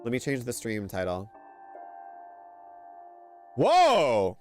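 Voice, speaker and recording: A man streaming a story game, chatting casually with viewers and reacting excitably, laughing and swearing. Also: medium pitch, very slow, faint music behind. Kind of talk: casual gaming stream chat.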